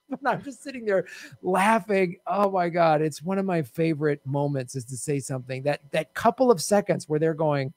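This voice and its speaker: A man's voice: a little high, lively intonation, normal speed, no echo. A man hosting a comedy quiz show, telling a road-trip story with lots of laughter. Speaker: game show host. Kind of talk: casual comedy podcast chat.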